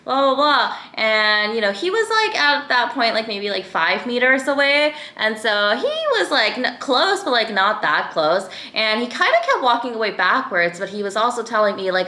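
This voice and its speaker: A young woman chats into the camera, retelling her day with plenty of fillers and animated turns. Her voice is bright and carries a clear ring. The room around her sounds echoey. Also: fairly high pitch, normal speed, few pauses. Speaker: vlogger. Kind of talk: casual vlog storytelling.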